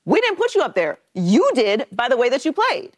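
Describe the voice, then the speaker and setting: Woman, sports co-host, high lively voice, dry close sound, measured argument. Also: no echo. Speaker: sports talk show co-host. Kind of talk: sports debate.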